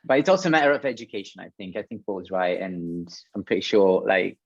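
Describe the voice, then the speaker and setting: A man's voice: low voice, expressive, quick pace, creaky, dry recording, muffled recording. A man, a guest sound designer, talking casually on a panel, hesitant with many fillers and restarts.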